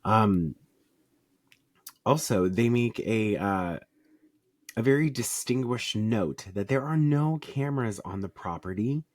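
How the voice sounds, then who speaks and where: A man's voice: on the low side, lively intonation, slow, pauses often, no room sound, studio quality. A man from Arizona co-hosting a podcast in casual chat, sarcastic and profane, cracking jokes as he reads through a story. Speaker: podcast co-host.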